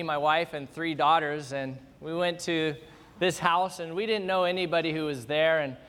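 A middle-aged male pastor delivering a sermon, animated and humorous, acting out scenes as he tells the story. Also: a little high, long reverb tail.

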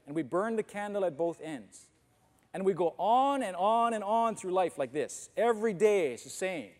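A man's voice: high voice, a little mellow. A man preaching a sermon as pastor, speaking conversationally and asking the congregation questions, in a church auditorium. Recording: long reverb of a church hall.

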